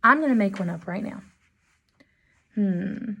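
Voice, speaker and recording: A woman music teacher leading a children's lesson, speaking in a slow, sing-song, encouraging way to young children. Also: mid-range voice, expressive, vocal fry, a bit bright, slightly rough.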